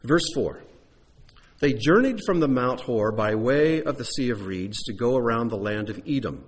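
Husky, animated male Bible teacher. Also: medium pitch, moderate pace. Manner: animated, conversational teaching with rhetorical questions. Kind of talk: sermon.

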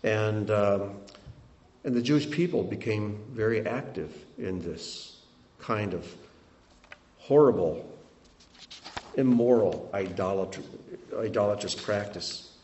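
A man's voice: on the low side, slow pace, long pauses, slight background noise. Man preaching over travel slides, echoey room. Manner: animated storytelling, shifts between loud and hushed. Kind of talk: sermon with slideshow of travel photos.

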